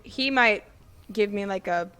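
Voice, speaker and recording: Bright-voiced woman player, deadpan. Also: mid-range voice, unhurried, faint music behind. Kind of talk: casual tabletop chat.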